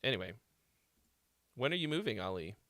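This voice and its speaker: A man's voice: medium pitch, sing-song, a little fast, bright, forceful tone, dry recording. A young man hosting a casual livestream, telling rambling stories full of swearing. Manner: laid-back storytelling, heavy swearing. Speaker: host.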